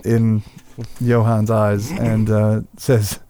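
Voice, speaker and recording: A man narrating a tabletop game as game master, telling the story in a relaxed way with fillers. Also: mid-range voice, slow pace, no echo.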